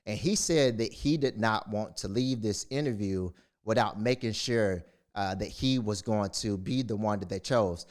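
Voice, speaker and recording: A man's voice: fairly low pitch, moderate pace. A man speaking to camera as a motivational speaker, retelling a story in a casual, rambling way with many fillers and restarts. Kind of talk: casual monologue.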